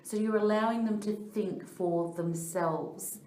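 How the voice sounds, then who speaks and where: A woman's voice: mid-range voice, fairly even intonation, slow pace, a little mellow, a little hiss or hum. Australian woman coach in an echoey room. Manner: earnest, explanatory, tells personal stories. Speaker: life coach and trainer. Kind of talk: training talk.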